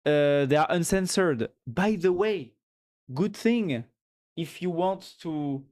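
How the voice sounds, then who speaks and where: A man's voice: on the high side, lively intonation, takes it slowly, a little mellow. Man, French accent, live streamer, chatty, rambling, giggly, casual talk. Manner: chatty, reads chat aloud and thanks followers.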